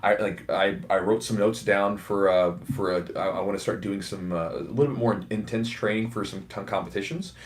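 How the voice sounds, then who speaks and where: A man with a faint Southern US accent, hosting a casual podcast chat, talking fast with many fillers and restarts. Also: fairly low pitch, fairly even intonation. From American South. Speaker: podcast host and jiu-jitsu instructor.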